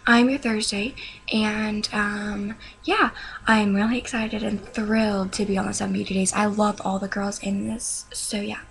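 A young woman talks her viewers through her things in a soft, slow, rambling way. Her voice has a gravelly fry at the edges. It comes through a webcam with a clear hiss underneath. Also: medium pitch, flat delivery. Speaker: beauty vlogger. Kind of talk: casual show-and-tell vlog. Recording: noisy webcam recording.

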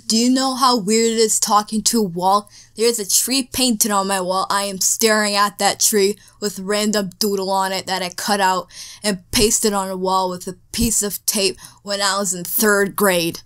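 A woman's voice: medium pitch, fairly even intonation, normal speed, fairly bright tone, clean tone. A teenage girl rambling casually to a desk microphone at home while she paints, talking in a scattered way and trailing off between topics. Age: teens. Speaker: speedpaint vlogger. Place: bedroom at home.

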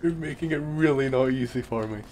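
A young man streaming a video game, excitable and sweary, bickering with his co-op partner and exclaiming at the action. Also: mid-range voice, fairly quick. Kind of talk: live gaming stream banter. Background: game music.

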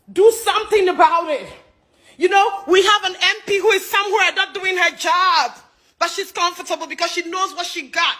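A Ghanaian woman with a strikingly high voice rants about the cost of living. She is loud, fearless and fiery, cursing freely as she speaks. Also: poor audio. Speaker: social media commentator. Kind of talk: angry political rant.

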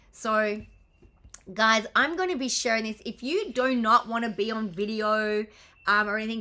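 A woman with a bright, clear tone talks to her practitioners over a video call. She is blunt, excitable and swears freely, in a loose, casual way. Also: fairly high pitch. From Australia. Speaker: business coach and healer.

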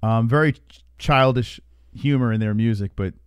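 Man, live fight-stream host, smooth clear voice, dry close sound, crude rambling jokes. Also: mid-range voice, moderate pace, dry recording.

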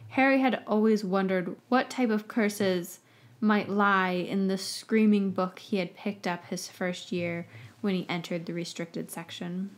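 A woman reads a story aloud as a podcast host, narrating with expressive storytelling. Her voice sits at a middling pitch, steady and clear, and carries the scenes along in long flowing sentences. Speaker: podcast host reading fan fiction.

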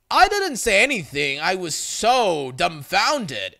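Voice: medium pitch, huge pitch swings, slow, creaky, hardly any pauses, sharp tone. A narrator reading online forum stories aloud in a plain storytelling manner.

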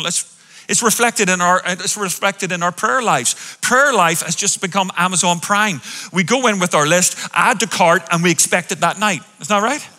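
High, bright-voiced pastor preaching a sermon. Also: male voice, big-room sound. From Europe. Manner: animated, quizzing the congregation with questions. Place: large church hall with an audience.

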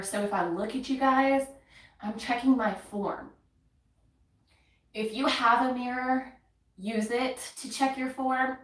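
A woman with a North Carolina accent talks through her workout in an unhurried way, counting reps and sighing between sets. She sounds slightly out of breath and her voice sits a bit high. The mic is some distance away in a roomy space. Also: fairly bright tone. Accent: Southern US, North Carolina. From North Carolina, USA. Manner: chatty, counts reps aloud, laughs and sighs between moves. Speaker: fitness content creator. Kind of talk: casual workout instruction while exercising.

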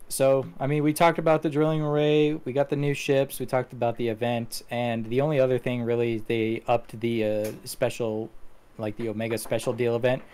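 A man's voice: mid-range voice, mellow, clear, resonant tone. A man hosting a casual gaming podcast, talking in a loose, rambling way with many fillers and restarts. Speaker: podcast host.

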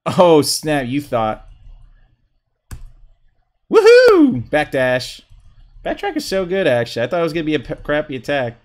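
A young man livestreaming a fighting game, commenting excitedly, trash-talking opponents and whooping at big hits, with keyboard clicks behind him. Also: on the high side, brisk. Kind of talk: live gameplay commentary.

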